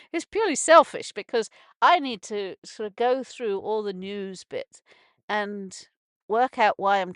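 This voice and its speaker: Woman, morning radio host, casual rambling monologue, restarts, occasional swearing, animated pitch, dry recording. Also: no room sound. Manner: rambling, restarts a lot, swears when angry. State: emotions heightened after a stroke. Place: narrowboat on a canal.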